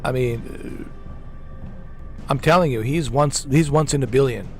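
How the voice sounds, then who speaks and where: A man's voice: mid-range voice, unhurried, soft background music. A man streaming a game, chatting casually and enthusiastically, repeating himself and dropping slang like "man" and "dude". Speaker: gaming streamer. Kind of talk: casual chat over gameplay.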